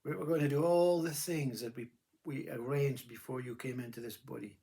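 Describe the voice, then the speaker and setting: A man's voice: medium pitch, fairly even intonation, normal speed, gravelly, warm tone. Rambling man musing on life and mind. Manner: meandering, repeats "you see" and "you know", blunt earthy words. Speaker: spiritual speaker. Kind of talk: rambling philosophical monologue.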